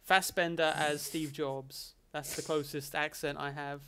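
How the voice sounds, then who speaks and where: Chatty man, slightly high voice. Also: unhurried, clear, resonant tone. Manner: animated, chatty, jokey banter with chat. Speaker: streamer hosting a Q&A. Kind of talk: casual live-stream chat.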